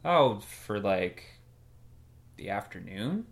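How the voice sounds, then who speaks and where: A woman playing a bumbling middle-aged dad, gruff and proud of being manly, in an improv comedy scene. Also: very deep voice, big pitch swings, takes it slowly, pitched below the performer's own voice, heavily acted. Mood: smug. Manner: gruff, pompous about manliness.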